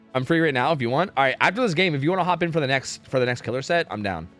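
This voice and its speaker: A man's voice: a little high, fairly bright tone. A young man casting a game match live on stream, chatty and full of fillers, reading chat as he goes. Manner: chatty, many fillers, reads chat aloud. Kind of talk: casual live commentary. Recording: faint music behind.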